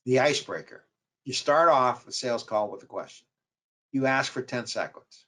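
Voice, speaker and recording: A man's voice: medium pitch, moderate pace, pushed and bright. A man with a New York accent giving a webinar lecture on sales calls, repeating key points with emphasis. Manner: repetitive, emphatic coaching delivery. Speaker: marketing professor.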